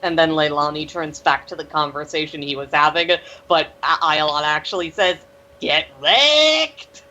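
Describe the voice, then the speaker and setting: A woman's voice: low-pitched, little pitch movement, brisk, sharp tone, highs cut off, slight background noise. A woman playing a tabletop role-playing game, describing her character's actions in a laid-back, dry manner. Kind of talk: casual game narration.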